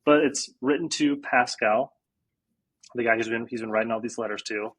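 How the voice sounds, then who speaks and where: Man, podcast co-host, casual book chat, husky voice, reads quotes aloud. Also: medium pitch, normal speed, a bit bright, poor audio.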